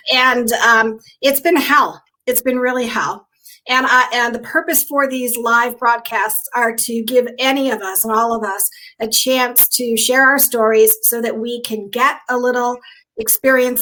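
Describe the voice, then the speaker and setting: A woman hosting a live online show over a video call, excitable and emotional, greeting viewers by name. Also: a little high. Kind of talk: casual live-stream hosting.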